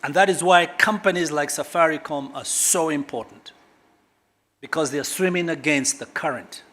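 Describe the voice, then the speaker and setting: Middle-aged guy from kenya giving a big speech, punchy, goes loud then drops way down. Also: fairly high pitch, moderate pace. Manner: emphatic orator, sharp swings between loud and quiet. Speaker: government guest speaker. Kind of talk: public speech at a corporate launch.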